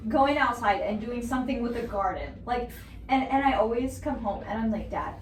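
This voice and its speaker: A woman's voice: on the high side, animated, a little fast. A young woman hosting a student podcast, chatting casually and laughing often. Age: young adult. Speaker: podcast host. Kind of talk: casual chat. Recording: echoey room, mic at a distance, faint hiss.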